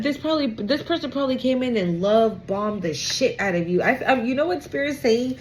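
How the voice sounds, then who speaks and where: A woman giving a casual tarot reading to the camera, animated and profane, often exclaiming and acting out the people she describes. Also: on the high side, moderate pace, a little hiss or hum, rough recording. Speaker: tarot reader.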